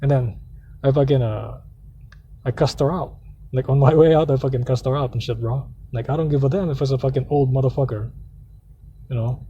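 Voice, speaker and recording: A man's voice: medium pitch, mellow, breathy edge, muffled recording. A man vlogging from his parked car, telling a heated personal story in a rambling, profanity-filled rant. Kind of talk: casual ranting monologue.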